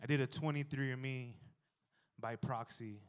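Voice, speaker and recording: A man in his thirties performing a stand-up comedy set, animated and jumping to loud exclaiming in the acted-out bits. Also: mid-range voice, normal speed, clear, resonant tone. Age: 30s.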